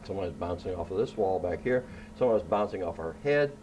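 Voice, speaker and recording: A man's voice: low-pitched, animated, fast, a little mellow, lo-fi sound, slight background noise. A man hosting a science show, explaining things to children in a casual, playful way and checking in with "right?" again and again. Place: indoor room.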